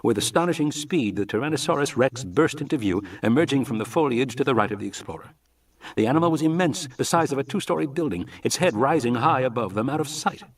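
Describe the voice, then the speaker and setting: Expressive male audiobook narrator, husky voice, lively pitch, mic a bit distant. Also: fast. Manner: expressive storytelling delivery. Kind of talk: scripted narration.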